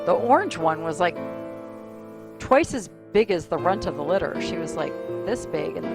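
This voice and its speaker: This is a stretching class in a dining room, led by a woman in her fifties whose voice sits on the low side. She guides the group's breathing, chats between movements, encourages them and laughs readily, all over clearly audible music.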